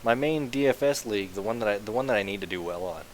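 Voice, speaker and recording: A young man casually streaming about fantasy sports, rambling, excitable and swearing freely. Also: lowish voice, fast talker, low-quality recording. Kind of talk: casual live-stream chat. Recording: faint hiss.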